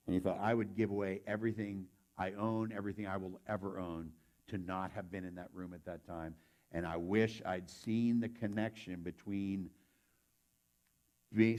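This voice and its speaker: Pastor telling stories in a sermon. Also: male voice, on the low side. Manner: conversational storyteller, voices quoted people with sudden loud outbursts.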